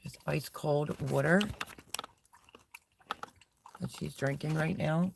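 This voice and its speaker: A woman's voice: deep voice, fairly even intonation, slow pace, gravelly, slight background noise. A middle-aged woman chatting casually on a live stream from a small camping setup, rambling and talking to her dog between thoughts.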